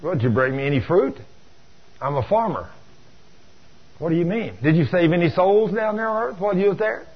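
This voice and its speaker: A man voicing a stern male Lord who demands fruit, in a husky voice over a dull lo-fi broadcast. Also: sits high, expressive, brisk, pauses often, exaggerated voice. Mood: demanding. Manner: demanding, pressing questions.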